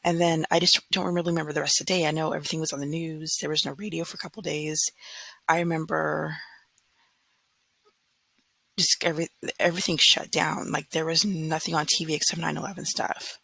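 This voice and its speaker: A woman's voice: sits low, flat delivery, brisk, vocal fry, sharp tone, husky, no echo, rough recording. A woman in her thirties from California, talking earnestly and frankly in a casual vlog monologue, often mimicking others in mocking quotes. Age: 30s. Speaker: vlogger.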